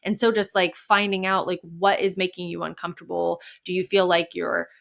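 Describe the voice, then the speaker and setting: A woman's voice: lowish voice, level tone, fairly quick, creaky. A woman in a casual podcast chat, listening supportively and explaining her view patiently.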